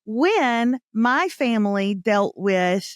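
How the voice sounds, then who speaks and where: A woman's voice: on the high side, expressive, takes it slowly, clean tone, dry recording, clean studio sound. A woman hosting a podcast, talking in a candid, chatty way. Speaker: podcast host. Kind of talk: casual chat.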